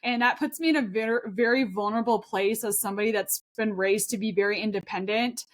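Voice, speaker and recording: A woman's voice: mid-range voice, brisk. A woman in her thirties co-hosting a podcast in casual chat, rambling and earnest with lots of fillers. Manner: chatty, rambling, many fillers and restarts; earnest and heartfelt. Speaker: podcast co-host.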